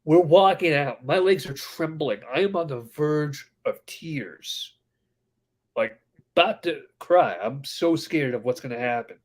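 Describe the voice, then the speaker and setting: A man with a slightly high voice tells a story on a casual podcast. He is animated and acts out the people in it as he goes. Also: measured pace. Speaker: podcast co-host. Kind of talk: casual chat.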